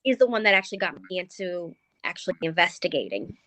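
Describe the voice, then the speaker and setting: A woman's voice: fairly low pitch, big pitch swings, quick pace, fairly bright tone, a little hiss or hum. Hesitant woman telling a ghost story. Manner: hesitant, many ums and restarts. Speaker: paranormal investigator guest. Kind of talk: recounting a ghost story in conversation.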